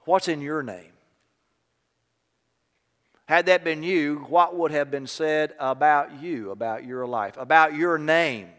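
A man delivers a sermon, first telling a personal story and then preaching with emphasis. His voice sits somewhat high and sounds smooth and resonant. A long reverb trails behind him, like a church sanctuary. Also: a little slow, few pauses, fairly bright tone. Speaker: pastor.

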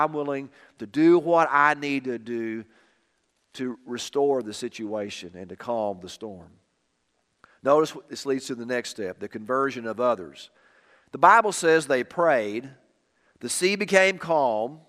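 A man preaching a sermon with emphatic, repeated phrases, dropping quiet on key lines. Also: mid-range voice. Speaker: pastor. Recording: long reverb of a hall.

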